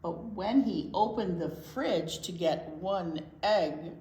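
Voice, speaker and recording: A woman, a children's librarian, reading a picture book aloud to young children and pausing to talk about the pictures. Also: lowish voice. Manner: unhurried, expressive reading to young kids. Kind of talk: children's read-aloud storytime. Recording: roomy echo.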